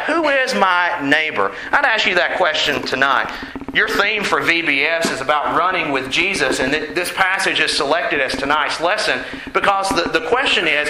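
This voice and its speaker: A man's voice: a little high, bright, forceful tone. A man preaching a sermon in an earnest way, asking the congregation questions. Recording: echoey room with faint noise.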